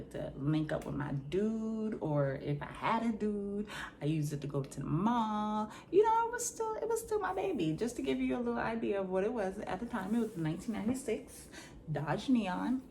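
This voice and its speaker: Low-voiced woman telling a dramatic story. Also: vocal fry, slight background noise. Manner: animated, dramatic, slangy storytelling; acts out scenes with sound effects. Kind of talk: casual storytime.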